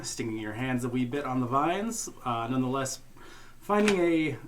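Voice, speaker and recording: A man running a tabletop role-playing session as game master. His voice is bright and forward, with a relaxed, jokey delivery and a light hiss of noise behind it. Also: medium pitch. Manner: relaxed, jokey, laughs often.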